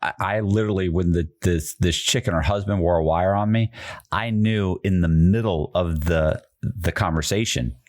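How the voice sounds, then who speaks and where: A man telling a story as a podcast guest, profane and animated, acting out the people he quotes. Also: low-pitched, normal speed.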